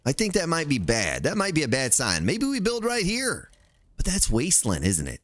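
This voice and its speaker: A man's voice: on the high side, huge pitch swings, normal speed, fairly bright tone, dry recording. A man streaming a survival game, chatting playfully with his viewers and joking as he plays. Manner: playful, jokey, talks to chat and the game. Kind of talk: casual gameplay commentary.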